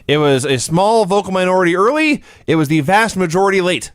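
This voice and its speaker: A man's voice: sits high, expressive, a little fast, dry recording, studio quality. A man co-hosting a casual podcast, scornfully picking apart a wrestling show and mocking its lines. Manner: scornful, mocks lines in loud put-on shouts. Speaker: podcast co-host. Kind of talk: casual profane wrestling review chat.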